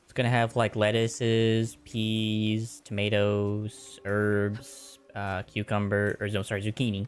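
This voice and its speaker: A man's voice: lowish voice, completely flat delivery, slow, clear, resonant tone. A man streaming a game and chatting casually with viewers in a rambling, easygoing way. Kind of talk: casual chat while gaming.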